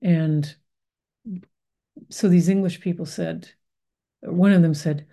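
A woman's voice: lowish voice, steady tone, slow pace, pauses often, warm tone. An American woman, middle-aged, giving a reflective spiritual talk in a thoughtful, meandering way with many fillers and restarts. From United States.

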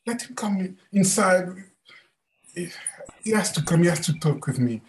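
A man playing a gentle, soothing male teacher. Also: on the high side, expressive, fast talker, voice pushed up, close to an everyday voice. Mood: welcoming. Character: calm, kind male spiritual teacher.

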